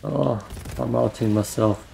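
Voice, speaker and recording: A man with a German accent gives laid-back gameplay commentary full of rambling jokes and asides. His voice sits low and dark with heavy vocal fry, and he speaks in an unhurried drawl into a desk mic. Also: steady tone, a little hiss or hum, low-quality recording. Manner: rambling, joking asides while playing. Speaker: gamer.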